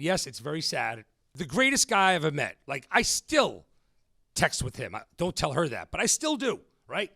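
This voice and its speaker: Animated, gravelly-voiced male podcast host. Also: a little high, no room sound, clean studio sound. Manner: animated, addresses listeners as folks. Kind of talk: storytelling on a podcast.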